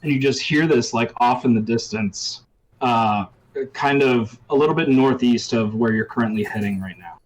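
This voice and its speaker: A man running a tabletop role-playing game as game master, talking in a relaxed way with many ums and uhs. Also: medium pitch, moderate pace, rough recording.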